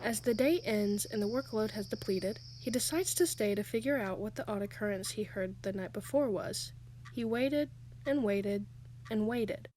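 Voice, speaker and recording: A young woman narrating a story in a calm, even storytelling manner. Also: medium pitch, normal speed, background noise. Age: young adult.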